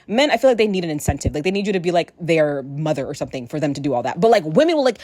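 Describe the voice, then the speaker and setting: A young woman vlogging casually to camera, gushing and animated, with lots of fillers and exclamations. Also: low voice, racing, no echo. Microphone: camera mic.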